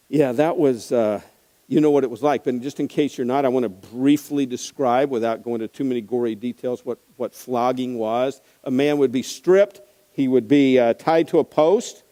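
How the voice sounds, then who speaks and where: A male pastor preaching a conversational sermon that swings between hushed, grave moments and impassioned emphasis. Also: medium pitch, long reverb tail, low-quality recording.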